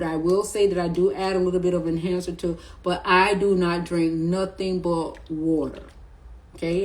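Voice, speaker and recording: A woman's voice: lowish voice, a little mellow, low-quality recording. A middle-aged woman talking casually to camera about spiritual awareness, in a loose, slangy, rambling way, often repeating her words. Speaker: spiritual vlogger.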